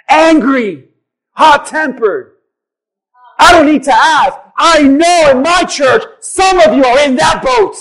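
A man with a very high voice preaches to his church. He swings between shouting and dropping to a near hush. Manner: swings between shouting acted disciples and soft hushed assurance. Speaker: pastor. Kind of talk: sermon.

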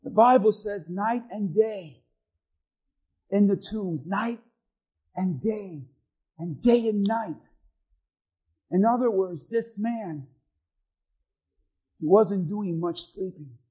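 High-voiced preacher, slow, shouting. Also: male voice, breathy edge, poor audio. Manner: preaching with sudden shouted peaks and hushed drops; acts out voices of doubters and accusers. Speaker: pastor. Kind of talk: sermon. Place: church.

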